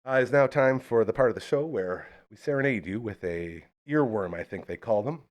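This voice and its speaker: A man's voice: on the low side, animated. Chatty man hosting a live show. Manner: chatty, hyped ad reads with quick asides. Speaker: podcast host. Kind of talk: casual live-stream chat.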